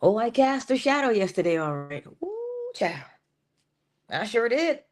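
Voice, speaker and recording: A woman giving a morning motivational talk, dropping at times into a soft whisper and drawing out key phrases slowly. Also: on the high side, big pitch swings. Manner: shifts between full voice and soft unvoiced whisper; drawn-out, emphatic delivery with slowed phrases. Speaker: inspirational speaker.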